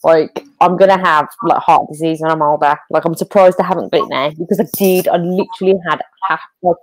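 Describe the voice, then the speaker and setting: A young English woman talking as a guest, chatty and quick to laugh. Her voice sits a little low and sounds dry and close. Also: steady tone, no echo, rough recording. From United Kingdom. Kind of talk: casual chat.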